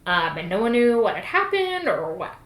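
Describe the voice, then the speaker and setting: A woman's voice: mid-range voice, sing-song, moderate pace, fairly bright tone. A woman co-hosting a podcast, animatedly recapping a book in casual, profane chat and slipping into quoted voices. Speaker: podcast co-host. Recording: roomy sound with faint noise.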